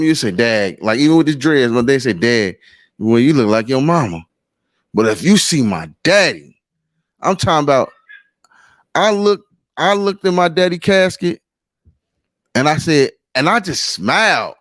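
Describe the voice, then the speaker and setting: A man's voice: a little high, a bit bright, no room sound, studio quality. A middle-aged man, telling a personal story on a podcast in a loose, rambling way. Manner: rambling, repeats himself, loose and conversational. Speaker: podcast host. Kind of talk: casual storytelling chat.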